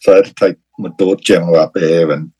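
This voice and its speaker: A man's voice: low voice, steady tone, quick pace, dark tone, husky, rough recording. An Australian man in his forties telling a personal story in an interview, rambling and full of fillers. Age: 40s. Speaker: guest.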